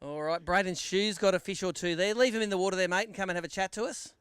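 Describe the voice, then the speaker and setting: An Australian man hosting a fishing tournament weigh-in, bantering brisk and matey with the anglers. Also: sits high, a bit bright, clean tone, no echo. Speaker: weigh-in host. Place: outdoor weigh tent at a lake.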